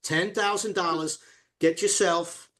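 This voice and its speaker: Male guest, quite high voice, pitches his case with force. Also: fairly even intonation, measured pace, pushed and bright. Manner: emphatic and persuasive. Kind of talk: casual radio interview.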